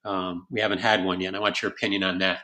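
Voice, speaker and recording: A man with a low voice and a bright, forceful edge, closing out a podcast episode. He heaps thanks on his guests and runs through subscribe-and-follow requests. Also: level tone, fast. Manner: effusive, grateful wrap-up with show plugs. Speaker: podcast host.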